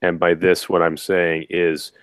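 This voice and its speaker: A man's voice: deep voice, level tone, unhurried, fairly bright tone, clear, resonant tone, no echo, clean studio sound. A man on a casual political talk stream, speaking in a wry, hesitant way.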